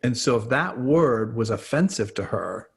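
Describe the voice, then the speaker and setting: A man's voice: mid-range voice, expressive, moderate pace, creaky. A man, an expert guest on a podcast, explaining trauma through everyday examples. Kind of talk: explanatory interview talk.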